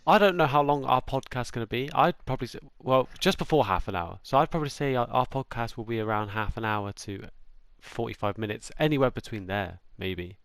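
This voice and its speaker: A man's voice: medium pitch, a little fast, hardly any pauses, clean tone, dry recording. Chatty young man on a dry headset mic. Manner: chatty, laughs often, talks over others. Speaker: podcast co-host. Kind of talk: casual chat over a voice party. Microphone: headset in an online party.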